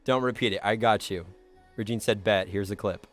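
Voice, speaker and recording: A man's voice: lowish voice, a little fast, faint music behind. A man hosting a live stream, joking and riffing with his chat in a playful, goofy way. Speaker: livestream host.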